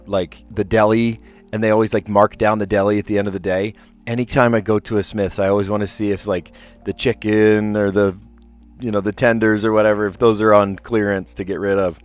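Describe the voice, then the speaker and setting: A man with a fairly low voice talks his way through word puzzles on a live stream, reading clues aloud and rambling between guesses. His delivery is relaxed and chatty, with faint music sitting behind him. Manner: chatty, rambling, reads clues aloud and muses over answers. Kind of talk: casual live-stream commentary, thinking aloud.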